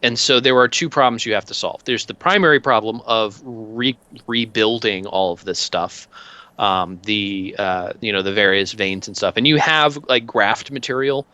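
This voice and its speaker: Bright-voiced man running a tabletop game. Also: fairly low pitch, no echo, highs cut off. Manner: chatty, halting with fillers and restarts. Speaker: game master.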